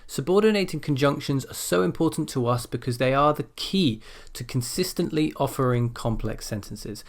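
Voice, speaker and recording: A man's voice: mid-range voice, lively intonation, normal speed. Man explaining grammar in a lecture. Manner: explanatory, demonstrates intonation with example sentences. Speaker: English exam teacher. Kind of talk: recorded video lecture.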